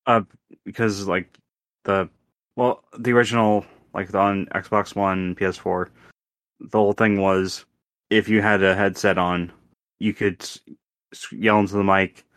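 A man's voice: fairly low pitch, fairly even intonation, a bit bright, smooth, no room sound, clean studio sound. A man co-hosting a gaming podcast, chatting casually and often restarting his sentences. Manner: halting, many restarts and fillers. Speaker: podcast co-host. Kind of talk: casual chat.

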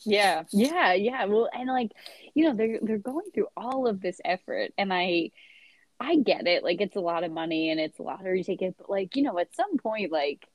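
A woman co-hosting a podcast, talking in a relaxed, hesitant way with lots of "like" and "you know". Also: mid-range voice, normal speed, no room sound, low-quality recording. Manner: relaxed, filler-heavy, hesitant. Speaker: podcast co-host. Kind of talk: casual chat, film discussion.

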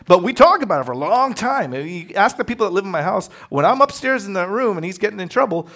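Animated male preacher telling stories. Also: high voice, quick pace. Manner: animated storytelling, acts out quotes. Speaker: pastor. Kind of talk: sermon.

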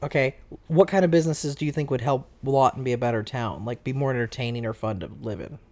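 A man's voice: medium pitch, quick pace, darkish tone. A man, a dad, hosting a casual podcast chat with his child, asking playful, goofy questions. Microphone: podcast microphone.

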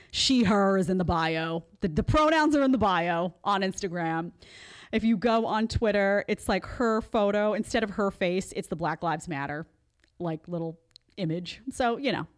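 A woman hosting a live commentary show, sarcastic and animated, often mimicking others in mocking voices. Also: lowish voice. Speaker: host.

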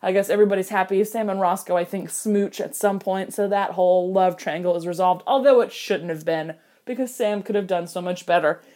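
A woman giving casual film commentary, animated and jokey, with mock outrage and quick impressions of characters. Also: mid-range voice. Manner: quoting characters in quick put-on voices. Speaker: film reviewer.

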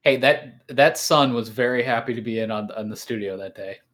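A man's voice: medium pitch, a little fast, fairly bright tone. A man co-hosting a podcast, chatting casually and laughing as he retells scenes. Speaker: podcast co-host. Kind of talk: casual chat.

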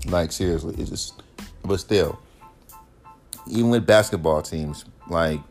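A man's voice: a little slow, faint music behind. A man in his thirties hosting a podcast, ranting with heavy profanity and mocking critics. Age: 30s. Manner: profane, animated, mocks critics in high sneering voices. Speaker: podcast host. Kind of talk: ranting monologue.

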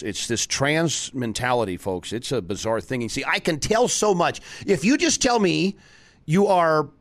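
A man hosting a political talk show, delivering a sarcastic, animated monologue that rises into emphatic outbursts. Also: mid-range voice.

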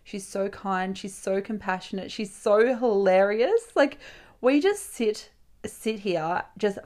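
Young woman podcaster, chatty and candid storyteller who swears, middle pitch. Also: expressive, slow pace, darkish tone. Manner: chatty, swears freely, acts out friends' lines. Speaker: podcast host. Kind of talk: casual solo podcast storytelling.

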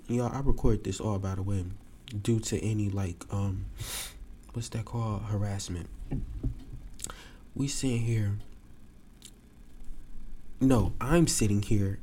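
A man telling a story to his podcast listeners in a casual, animated way. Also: lowish voice, slow pace, long pauses, slight background noise. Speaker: podcast host.

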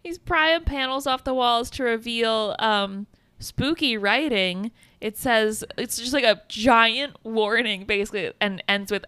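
A woman co-hosting a podcast, narrating a film's plot in casual chat and giggling often between quick asides. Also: on the high side, pushed and bright, clean tone, dry recording. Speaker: podcast co-host. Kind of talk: casual film recap chat.

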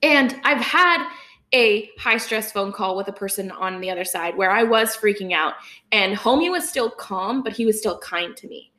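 A young woman co-hosts a podcast, chatting casually in a mid-range voice at normal speed in a reverberant space. She sounds animated and indignant, using lots of filler words.

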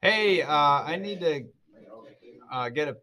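A man hosting, playfully setting up a casual role-play and directing others, with halting fillers. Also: fairly high pitch, lively intonation, sharp tone.

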